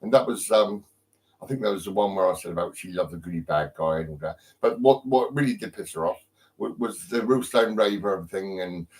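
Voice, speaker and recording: A man's voice: low-pitched, brisk, low-quality recording. Rambling, swearing English man. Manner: rambling, full of ums and restarts, heavy swearing. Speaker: livestreamer. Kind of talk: rambling live-stream chat. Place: at home. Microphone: phone.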